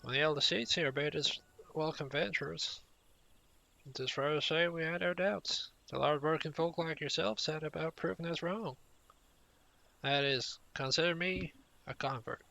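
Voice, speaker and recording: A man's voice: on the high side, moderate pace, creaky, bright, forceful tone, pitched above the performer's own voice. Man reading as a welcoming ranch wrangler woman. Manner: reads the quest text aloud in a put-on accent of his own. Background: game music.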